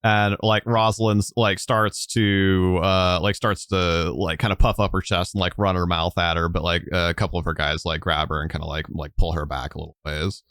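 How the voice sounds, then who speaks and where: Male game master, low smooth voice, loose rambling narration. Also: level tone, normal speed, hardly any pauses, a bit bright, no room sound, clean studio sound. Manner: rambling, many fillers.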